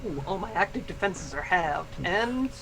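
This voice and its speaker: A player in a tabletop game, lively and laughing often. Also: mid-range voice, moderate pace, noisy background. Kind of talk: tabletop game role-play.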